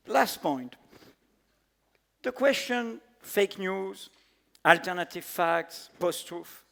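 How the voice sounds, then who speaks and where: A man with a French accent, a native French speaker, giving an earnest, emphatic panel talk in halting English with many fillers. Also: high-pitched, gravelly, fairly bright tone. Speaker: panel speaker, editor-in-chief. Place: large conference hall. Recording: echoey conference hall.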